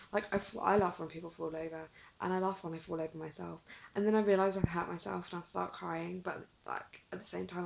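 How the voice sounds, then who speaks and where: Young woman rambling to her camera, bit of vocal fry, giggles a lot. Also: on the low side, poor audio. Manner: chatty, giggly, lots of "like". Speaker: vlogger. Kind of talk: casual storytelling to camera.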